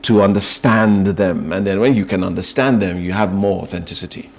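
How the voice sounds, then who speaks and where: A middle-aged man from Nigeria, a voice-over artist, speaking in a measured, thoughtful way with pauses in a morning TV interview. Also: low-pitched.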